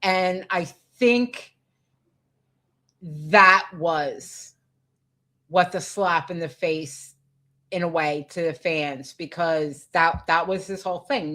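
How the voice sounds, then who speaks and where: A woman's voice: lowish voice, slow pace, pauses often, bright, forceful tone. A woman co-hosting a podcast who agrees with her partner and repeats her points for emphasis. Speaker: podcast co-host. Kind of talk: casual wrestling chat.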